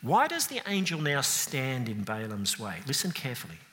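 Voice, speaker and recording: A man delivers a sermon in a church, retelling a story with a very lively, swooping delivery. His voice is bright and sharp, and it carries into a long, echoing hall. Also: medium pitch, normal speed. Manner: animated storytelling, acting out scenes with sound effects and mock voices. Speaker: preacher.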